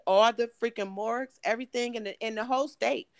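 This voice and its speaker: A middle-aged woman from Michigan, hoarse and emotional, telling her story in an interview with halting, restarting speech. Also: fairly high pitch, fairly even intonation, no echo. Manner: halting, repeats words, restarts often. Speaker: guest, mother of missing woman.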